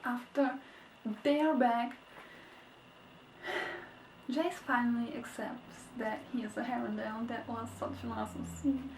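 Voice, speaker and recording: A young woman reviewing a book in a casual vlog, gushing and excitable, swinging between squeals and sad murmurs. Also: unhurried, long pauses, noisy background. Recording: echoey, distant, low-quality webcam audio.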